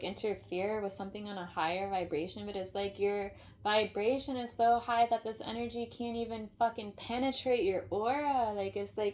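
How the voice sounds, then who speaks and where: A woman giving a casual tarot reading, rambling and emphatic, full of fillers and swearing. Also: a little high. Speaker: tarot reader.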